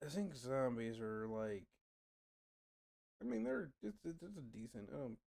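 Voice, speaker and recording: A man's voice: mid-range voice, animated, a little slow, vocal fry, darkish tone. A young man streaming and chatting casually with viewers, rambling, swearing often and trailing off mid-thought. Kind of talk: casual chat answering viewers.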